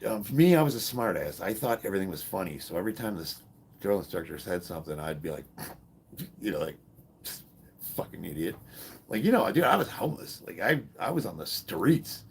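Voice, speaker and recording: A middle-aged strength athlete and fitness streamer chats with viewers on a casual livestream, animatedly telling profane, joking stories. His low voice is brisk and slightly rough.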